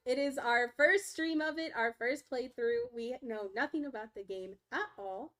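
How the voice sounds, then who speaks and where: Young woman, high voice, casual chatty streamer at home, slips into baby talk. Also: normal speed, fairly bright tone. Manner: chatty, talks baby talk to her dogs. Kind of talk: casual live-stream chat.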